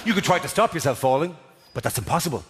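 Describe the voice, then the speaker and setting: A middle-aged man doing stand-up comedy in a big theatre, animated and breaking into sudden shouts. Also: fairly high pitch, fast talker. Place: large theatre stage. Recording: reverberant theatre, audience noise.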